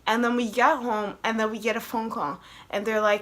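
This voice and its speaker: A young woman with a fairly high, bright, forward voice tells a story straight to her vlog camera. She talks casually and fills her sentences with "like." She jumps into the voices of the people she quotes as she goes. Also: fairly even intonation, normal speed. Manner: chatty, heavy use of "like", acts out quoted voices. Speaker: vlogger.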